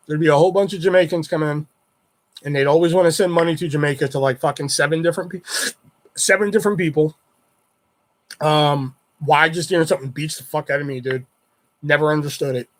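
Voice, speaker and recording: A man hosting a livestream, telling stories in a rambling, heavily profane, casual way. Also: a little high. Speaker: livestream host. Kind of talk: casual storytelling chat.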